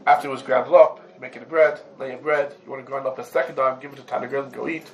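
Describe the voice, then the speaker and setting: Poor audio carries a fast-talking man with a steady, mid-range voice teaching Talmudic law. He presents cases to his students by posing rhetorical questions and blending Hebrew terms with English.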